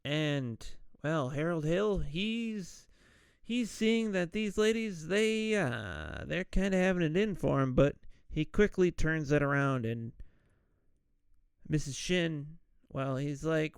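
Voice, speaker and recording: A man with a gravelly, smooth voice talks slowly as he retells a movie scene by scene. He slips into the characters' lines as he recaps. The sound is dry and close. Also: on the high side, no room sound. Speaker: podcast host.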